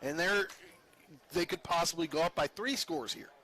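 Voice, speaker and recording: A man with a West Virginian accent giving color commentary on a high school football broadcast, speaking in measured analysis with some restarts. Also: bright, forceful tone. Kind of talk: live sports color commentary.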